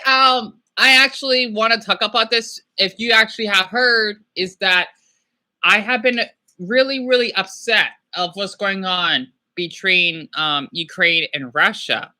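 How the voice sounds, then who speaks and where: A man hosting a casual livestream, rambling and excitable, often apologizing as he talks. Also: high voice, moderate pace. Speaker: livestream host.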